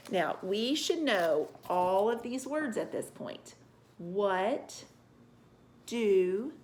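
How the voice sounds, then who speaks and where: A middle-aged woman teaching an online reading lesson to young children, sounding out letters slowly and breaking into high excited bursts. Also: a little hiss or hum. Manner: slow, exaggerated sounding out of letters and words.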